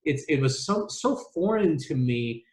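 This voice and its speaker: A middle-aged man tells stories as a guest in a casual interview, his voice pitched somewhat high for a man. He rambles, restarts sentences and leans on fillers. The room around him is echoey. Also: sing-song, unhurried, darkish tone. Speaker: travel agency owner, podcast guest.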